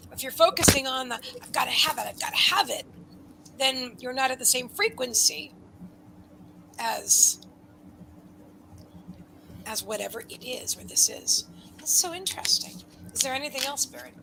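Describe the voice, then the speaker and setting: A woman giving a live psychic card reading, rambling and breaking off mid-sentence, with quiet murmured asides. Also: high voice, measured pace, vocal fry, pauses often, background noise. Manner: rambling, self-interrupting, drops into soft asides. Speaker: psychic reader.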